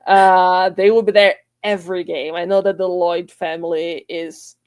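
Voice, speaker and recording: A woman's voice: fairly low pitch, little pitch movement, moderate pace, a little mellow, no room sound. A woman co-hosting a casual sports podcast, speaking in a hesitant, thoughtful way with many fillers. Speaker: podcast co-host.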